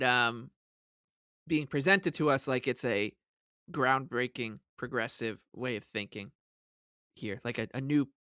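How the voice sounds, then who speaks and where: A man co-hosts a sports podcast, dropping dry, sarcastic remarks between hesitant restarts. His voice sits at a middle pitch with a bright edge. The recording is close and dry. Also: smooth, no room sound. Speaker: podcast co-host. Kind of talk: casual sports podcast chat.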